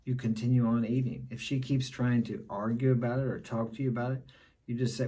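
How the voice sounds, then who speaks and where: A man's voice: medium pitch, level tone, fairly quick, warm tone, breathy edge. A middle-aged man giving blunt dating advice in a casual monologue, repeating his key points.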